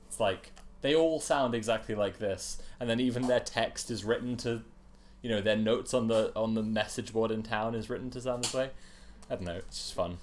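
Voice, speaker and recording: A man's voice: on the low side, normal speed. A man casually chatting while streaming a game, rambling with fillers and laughs.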